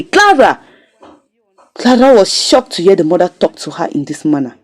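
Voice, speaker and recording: A woman giving a casual, expressive recap and critique of a drama series episode. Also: a little high, normal speed, rough recording. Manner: animated, expressive storytelling. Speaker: series reviewer.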